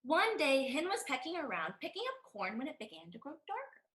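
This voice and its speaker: A woman reading a children's picture book aloud with an animated, expressive delivery. Her voice sits very high and bright and swoops a lot. A roomy echo surrounds it. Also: brisk. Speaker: storytime reader.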